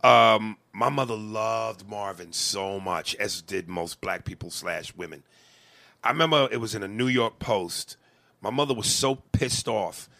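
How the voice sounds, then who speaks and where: A man's voice: lowish voice, measured pace, gravelly, pushed and bright. A man in his forties on a podcast, ranting with passion, swearing and stumbling over restarts. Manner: passionate, profane, stammering restarts. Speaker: podcast co-host. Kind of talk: emotional podcast rant.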